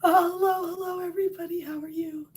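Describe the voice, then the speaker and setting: A woman hosting a casual morning live stream, hoarse and losing her voice from a cold, chatting and laughing at how she sounds while greeting viewers by name. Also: very high voice, little pitch movement, fast. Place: home on a windy ridge.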